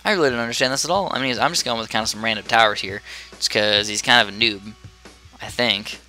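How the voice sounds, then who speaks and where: A man's voice: on the low side, quick pace, sharp tone, soft background music. A man chatting casually into a headset as he plays and comments on a tower defense game from his room, rambling and easily distracted. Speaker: gaming commentator.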